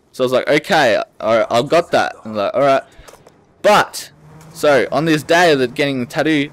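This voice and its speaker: A young Australian man in his late teens, speaking at normal speed in a mid-range voice, hosts a gaming channel. Over gameplay he tells a story as a casual, animated rant, swearing often and rambling as he restarts his sentences.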